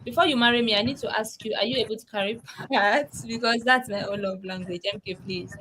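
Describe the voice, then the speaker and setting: A woman's voice: fairly high pitch, fairly quick, fairly bright tone, a little hiss or hum, poor audio. Woman hosting a chatty live stream, laughs a lot, reads out comments, call mic. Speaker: livestream host. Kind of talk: casual livestream chat.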